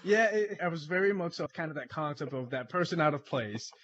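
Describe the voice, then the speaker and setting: Male guest, slightly high voice, lively storyteller who laughs a lot, dull lo-fi line. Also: fairly quick. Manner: animated, laughs often, acts out quoted dialogue. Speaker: crime analyst guest. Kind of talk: casual storytelling in an interview.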